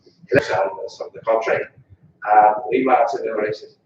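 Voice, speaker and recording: A man's voice: medium pitch, fairly quick, background noise. A man with a Northern Irish accent giving an informal funeral eulogy in a funeral parlour chapel, chatty and jokey, often asking the mourners questions. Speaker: funeral officiant. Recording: distant, echoey, dull room recording.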